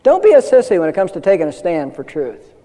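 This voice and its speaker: A man's voice: high voice, very animated, quick pace, warm tone, long reverb tail, rough recording. An older man preaching a sermon in an earnest way, building up to emphatic declarations. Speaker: pastor.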